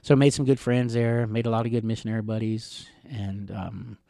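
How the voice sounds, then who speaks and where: A middle-aged man from the Catawba Nation telling personal stories in an interview, rambling gently with chuckles and fillers. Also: lowish voice, flat delivery, moderate pace, gravelly, no echo. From Catawba Nation, Carolinas, USA.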